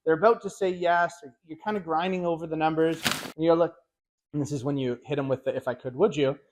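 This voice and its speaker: A middle-aged man with a slightly raised pitch teaches car sales in a casual, lively way. He tells stories and acts out dealership dialogue as he goes. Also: quick pace, a little hiss or hum. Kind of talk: casual instructional talk.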